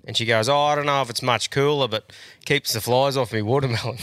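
A man's voice: mid-range voice, fairly even intonation, fairly quick, a bit bright. A man with an Australian accent hosting a podcast, swearing freely in crude, laid-back banter. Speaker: podcast host. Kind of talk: casual banter.

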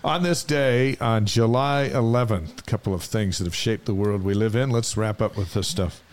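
A man's voice: on the low side, normal speed. Easygoing man co-hosting, laughs often. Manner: easygoing, laughs often, reads date facts. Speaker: podcast co-host. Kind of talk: casual sports radio chat.

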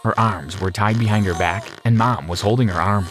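A man narrating a scripted story in a steady, measured reading voice. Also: on the low side. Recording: music behind.

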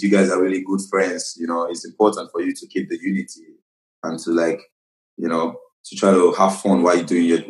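A man's voice: deep voice, darkish tone. A young man from Nigeria with a Nigerian accent, speaking as a guest in a casual interview, earnest and repeating phrases as he searches for words. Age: young adult. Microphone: remote call. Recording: roomy remote call.

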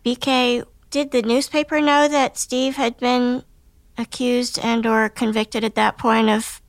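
A woman's voice: a little high, little pitch movement, measured pace, no echo. A woman hosting, asking curious, probing follow-up questions. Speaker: host, interviewer. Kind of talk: interview questions.

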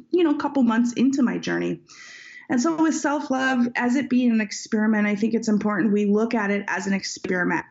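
A woman's voice: mid-range voice, a little mellow. A woman author telling a personal story in an interview, reflective and heartfelt. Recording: dull lo-fi audio.

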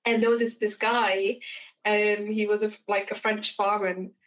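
A woman's voice: mid-range voice, measured pace, rough recording. A woman hosting a podcast, telling personal stories in casual chat with frequent laughs. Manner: animated storyteller, laughs often. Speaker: podcast host.

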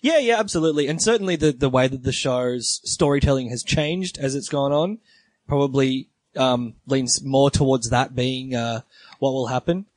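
A man's voice: medium pitch, moderate pace, no room sound. Aussie guy podcasting, lots of ums and restarts, dead dry sound. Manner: hesitant, many fillers and restarts. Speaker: podcast co-host. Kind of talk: casual podcast chat.

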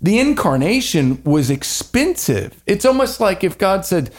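A man hosting a podcast in casual, opinionated chat, rambling and animated with slangy asides. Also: high-pitched, unhurried, hardly any pauses. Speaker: podcast host.

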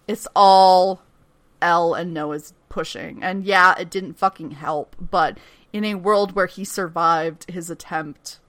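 A woman's voice: fairly low pitch, slow, no echo. A woman co-hosting a podcast, casually recapping a TV episode with profanity and acted-out lines. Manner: animated, profane, mimics characters' lines. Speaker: podcast co-host recapping a TV show.

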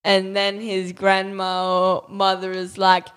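A woman co-hosting a casual podcast. She is silly and giggly and talks at an unhurried, drawn-out pace. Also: medium pitch, monotone, fairly bright tone, clear, resonant tone. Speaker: podcast co-host. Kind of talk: casual chat.

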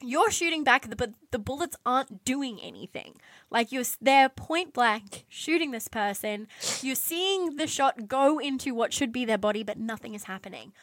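A woman telling a dramatic story in casual podcast chat, animated, swearing and filling her talk with "like". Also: high voice, normal speed, no room sound. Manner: animated, swearing, many "like" fillers. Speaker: podcast co-host telling a true crime story.

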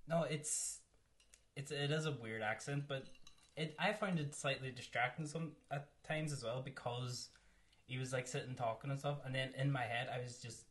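A man's voice: medium pitch, fairly even intonation, moderate pace, a bit bright. A man co-hosting a podcast, chatting casually about films, rambling and laughing often. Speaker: podcast co-host. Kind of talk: casual film chat.

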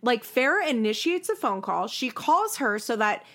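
Young woman, podcast co-host, lively swooping pitch, fairly high voice, acts out quotes. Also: moderate pace. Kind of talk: casual recap chat.

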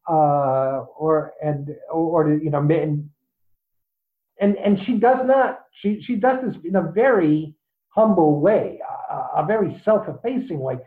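Hesitant speaker on a tinny call line. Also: medium pitch. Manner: thoughtful, hesitant with fillers. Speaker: Bible study participant. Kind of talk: Bible study discussion. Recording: tinny phone line with echo.

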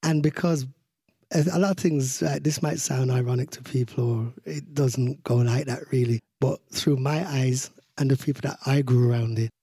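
A man from Birmingham with a Brummie accent touched by Jamaican patois, talking in a relaxed, rambling way as an interview guest, laughing often and tagging his points with "you know". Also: mid-range voice, husky, no echo, studio quality. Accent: Birmingham English with Jamaican patois influence. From Birmingham, England. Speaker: sound system founder, interview guest.

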